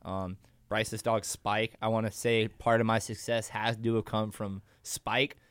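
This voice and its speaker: A man talking as a guest on a radio show, telling animated, funny stories and laughing easily. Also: lowish voice, unhurried, clean tone, dry recording. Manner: animated storyteller, laughs a lot. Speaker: guest, jiu-jitsu competitor. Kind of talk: casual podcast interview.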